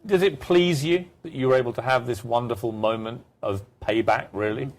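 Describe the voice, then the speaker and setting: A man's voice: mid-range voice, moderate pace. A man hosting a talk show, asking probing, jokey questions. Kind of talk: interview questions.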